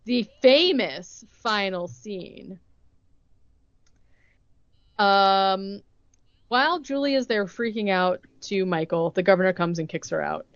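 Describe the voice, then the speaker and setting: A woman's voice: mid-range voice, animated, takes it slowly, pauses often, dry recording, highs cut off. A young woman co-hosting a podcast, retelling a movie plot in casual chat, full of "like" and acted-out quotes. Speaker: podcast co-host recapping a movie.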